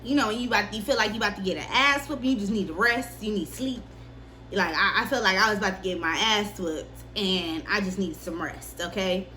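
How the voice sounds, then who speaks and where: A young woman casually telling a personal story on her vlog, candid and profane, with lively delivery. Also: medium pitch, a little fast, slight background noise. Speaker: vlogger.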